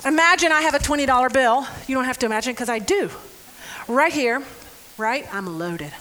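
A woman preaching a sermon, reading scripture and joking with her audience in an animated, playful way. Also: sits high, fairly quick. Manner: animated and playful, laughs often; involves audience members.

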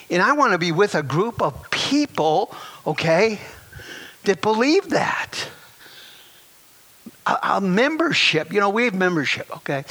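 A male pastor delivering a lively sermon, his voice high and bright as he piles up emphatic rhetorical questions. He preaches with animated energy, chuckling between points.

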